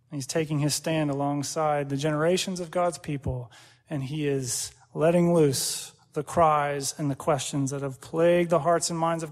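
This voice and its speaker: Animated high-voiced male preacher in a hall. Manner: animated, acts out quoted prayers and dialogue, laughs often. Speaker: pastor. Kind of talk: sermon. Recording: long hall reverb.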